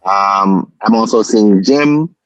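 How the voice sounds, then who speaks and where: A man's voice: fairly low pitch, slow pace, no echo. Man, laid-back live-stream co-host, repeats himself, dry close sound with slightly muffled lo-fi audio. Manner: easygoing, repeats words, calls others neighbor. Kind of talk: casual live-stream chat.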